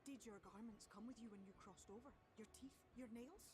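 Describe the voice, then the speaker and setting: A woman's voice: fairly high pitch, brisk, lightly acted. Feo Ul, a woman voicing a whimsical pixie. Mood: delighted. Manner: whimsical, lilting, theatrical. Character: playful, curious female pixie fairy. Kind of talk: video game voice acting.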